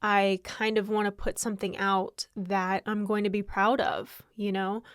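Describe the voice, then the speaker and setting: Tired young woman chatting on her podcast, laughs a lot, crisp voice. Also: mid-range voice, flat delivery, a little slow, no echo, studio quality. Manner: candid, rambling, with frequent laughs. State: exhausted. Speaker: podcast host. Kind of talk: casual solo podcast chat.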